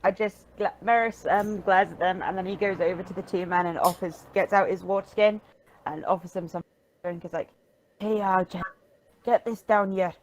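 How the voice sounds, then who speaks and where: A woman's voice: on the low side, fairly even intonation, brisk, poor audio. Chatty woman player, faint hiss behind. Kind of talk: casual tabletop play.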